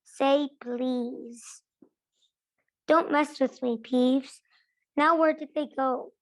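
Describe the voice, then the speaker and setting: A woman's voice: sits high, steady tone, drawn-out words. A woman voicing a grumpy old male caretaker who impatiently demands answers. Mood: demanding.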